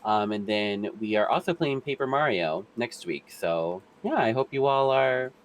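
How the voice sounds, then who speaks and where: A streamer guest in a casual chat, telling stories in an animated, campy way. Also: male voice, medium pitch, measured pace.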